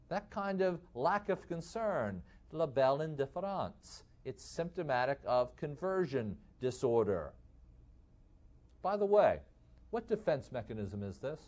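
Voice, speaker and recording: A man with a Midwestern accent giving a lively lecture, asking the class rhetorical questions and calling them folks. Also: on the high side, measured pace. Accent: Midwestern American. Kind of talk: recorded lecture to medical students.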